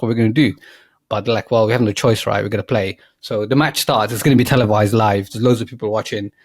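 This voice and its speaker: A man's voice: medium pitch, dry recording. A young man on a casual podcast, telling a long story in a rambling way and acting out the characters' lines. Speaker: podcast co-host pitching a film idea.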